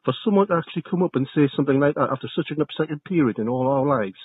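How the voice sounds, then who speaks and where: A man's voice: a little high, racing, husky, no room sound. Indignant man on a tinny phone line. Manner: indignant, repeating himself, voice rising in anger. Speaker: tenant complaining on a phone call. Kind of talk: heated phone complaint.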